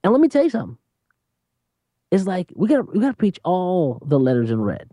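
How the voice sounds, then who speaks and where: An animated preacher who talks emphatically in conversation, laughing between points and slowing down to stress key phrases. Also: mid-range voice, dry recording, clean studio sound. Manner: lively, emphatic, repeats "you know what I'm saying".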